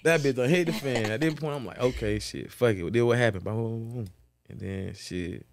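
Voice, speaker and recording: A man tells a story in a loose, profane, animated way, marking each turn of events with a repeated beat word. His voice sits at a middle pitch. It comes through a close, dry podcast mic. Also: brisk, gravelly, dry recording. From Florida. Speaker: guest, former football player. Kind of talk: casual storytelling interview.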